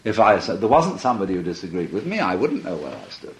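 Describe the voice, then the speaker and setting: A man's voice: deep voice, wildly swooping pitch, fast, low-quality recording. A man giving a reflective lecture talk, musing and telling stories, often breaking into laughter. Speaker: speaker.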